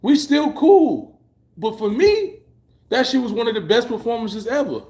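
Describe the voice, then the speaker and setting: A man's voice: very animated, moderate pace, darkish tone. A man giving casual opinion commentary in a vlog, talking emphatically, repeating himself and cursing freely. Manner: emphatic, repetitive and profane, drifting high when he presses a point. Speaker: vlogger reacting to a halftime show.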